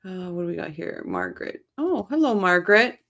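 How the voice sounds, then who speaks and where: A woman's voice: fairly low pitch, sing-song, fairly quick, gravelly, fairly bright tone. A woman from Ontario hosting a casual livestream, chatting with viewers by name and laughing often. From Canada, Ontario. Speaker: livestream host reading viewer chat.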